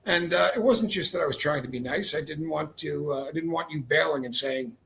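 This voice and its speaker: Hesitant man co-host, slightly high voice. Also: brisk, gravelly, bright, forceful tone. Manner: rambling, hesitant with many fillers. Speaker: co-host of a live stream. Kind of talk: casual live-stream chat.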